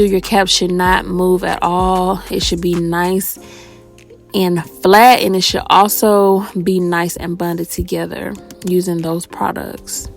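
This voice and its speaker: A woman's voice: mid-range voice, creaky. A young woman talking viewers through a hair tutorial in a casual, chatty way, out of breath and tired. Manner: chatty, addresses viewers as y'all.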